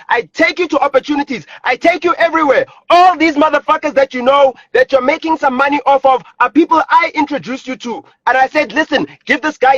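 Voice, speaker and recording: Furious high-voiced South African man ranting. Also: fairly bright tone, no echo, lo-fi sound. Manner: angry, repetitive, swearing. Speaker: live streamer. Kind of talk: heated rant on a live stream. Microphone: phone.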